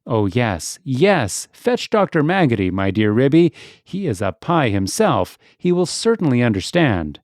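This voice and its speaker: A man's voice: mid-range voice, very animated, unhurried, hardly any pauses, darkish tone, no room sound, studio quality. A man voicing an anxious, fussy female dog guest who whimpers and frets. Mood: fretful.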